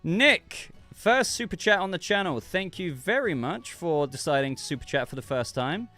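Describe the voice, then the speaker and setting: A man's voice: sits high, sing-song, moderate pace, pushed and bright, faint music behind. Congested man rambling on a livestream. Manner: rambling, chatty, self-interrupting. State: congested and coughing. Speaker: livestream host. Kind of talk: casual live-stream chat reading viewer messages.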